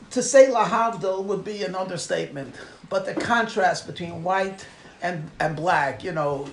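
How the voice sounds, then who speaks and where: A male rabbi speaking at a gathering, telling stories with laughs and quoting with rising fervor. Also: sits high. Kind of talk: farbrengen talk. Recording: echoey room with noise.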